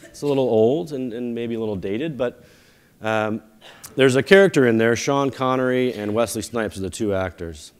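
On a conference stage before a live audience, a company founder gives a keynote. He tells stories conversationally with self-deprecating humor, in a smooth, medium-pitched voice at a moderate pace.

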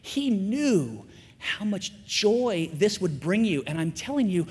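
A man in his forties giving an animated chapel sermon to students, swinging between loud emphatic lines and hushed asides. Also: high voice, takes it slowly, breathy edge. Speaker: guest chapel speaker. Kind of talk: energetic chapel sermon with storytelling. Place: school chapel, large room. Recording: long hall reverb.

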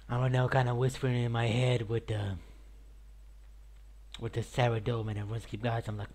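A man giving casual, rambling commentary over his gameplay, jumping between loud excited outbursts and low mumbled asides. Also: normal speed. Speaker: gaming video commentator.

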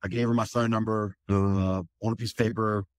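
A firefighter, telling a candid, rambling personal story in an interview, full of fillers and swearing. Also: male voice, on the low side, little pitch movement, brisk, dry recording.

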